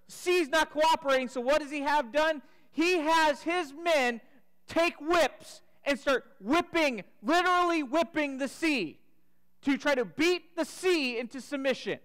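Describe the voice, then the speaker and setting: High-voiced man preaching in a reverberant church. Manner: dramatic retelling, dropping to a hush for the climax. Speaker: pastor. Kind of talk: sermon storytelling. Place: church sanctuary. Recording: church sanctuary with long reverb.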